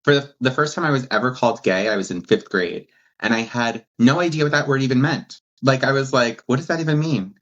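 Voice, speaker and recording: A man in his thirties from New Jersey tells his stories in a loose, animated way. He laughs often, and his voice jumps higher whenever he acts out what someone said. His voice sits in an ordinary middle pitch, and the recording sounds a bit muffled and lo-fi. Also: brisk. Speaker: podcast guest. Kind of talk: casual storytelling. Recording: dull lo-fi sound.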